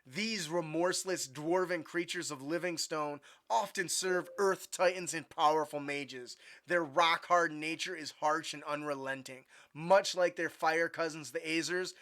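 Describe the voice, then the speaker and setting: A man's voice: on the high side, unhurried, few pauses, bright, forceful tone. A man co-hosting a tabletop gaming podcast, talking casually with many fillers and restarts. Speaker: podcast co-host. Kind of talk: casual chat. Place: home room over the internet.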